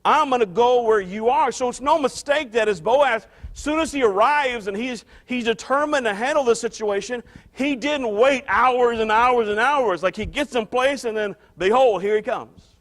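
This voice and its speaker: High-voiced man preaching a conversational sermon. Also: moderate pace, fairly bright tone. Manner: conversational, restarts and repeats phrases for emphasis. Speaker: pastor.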